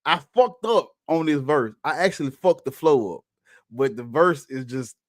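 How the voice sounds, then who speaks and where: A man's voice: mid-range voice, animated, normal speed, no echo, studio quality. A rapper talking bluntly and profanely over his own beat, picking apart the flow of his verses. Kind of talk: casual commentary over his music. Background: faint hip hop beat.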